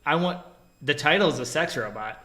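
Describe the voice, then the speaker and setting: A man co-hosting a reaction video, animated and laughing, with crude jokes. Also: fairly high pitch, moderate pace. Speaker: co-host.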